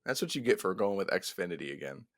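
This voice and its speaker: A young man co-hosting a casual podcast chat, loud and animated, swearing and laughing often. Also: low-pitched, quick pace, no echo, studio quality. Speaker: podcast co-host.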